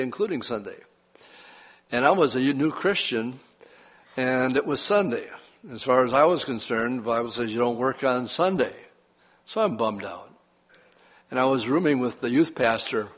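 An older male pastor delivering a sermon in an easygoing, folksy way. He reads scripture aloud and drifts into personal stories. He leans hard on key words for emphasis. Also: mid-range voice. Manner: folksy storytelling preacher, lively emphasis.

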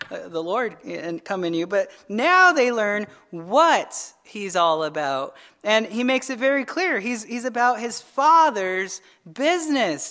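A woman with a slightly higher voice teaches a midweek Bible study. She talks conversationally, checks in with "right?" and often restarts her phrases as she goes through scripture. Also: fairly bright tone.

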